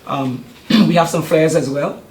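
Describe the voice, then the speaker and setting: A man's voice: on the high side, fairly even intonation, unhurried, a little mellow, slight background noise. An older man, chatting in an interview about the youth sports camp he runs, with many hesitant ums. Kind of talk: casual interview. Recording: roomy studio sound.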